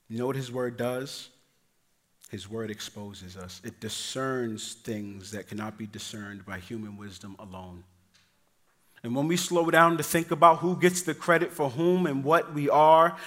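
A man preaching a sermon, telling family stories with acted voices and shifting between loud emphasis and quiet, casual delivery. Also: medium pitch. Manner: animated storytelling, acting out voices of his kids; casual, addresses the congregation as y'all. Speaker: pastor.

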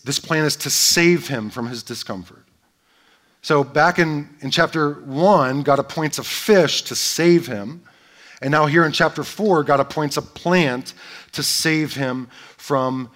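Male pastor, slightly high voice, chatty and joking sermon style, keeps checking in with the congregation. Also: fairly bright tone. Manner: conversational, often asks "right?" to the listeners; playful, joking asides.

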